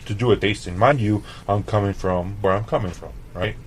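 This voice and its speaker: A man with a fairly low voice tells a rambling, animated story about a kitchen job. He swears casually, acts out other people's lines, and keeps checking in with his listener. A faint noise floor sits under the recording. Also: a little fast. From El Paso, Texas. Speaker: chef guest.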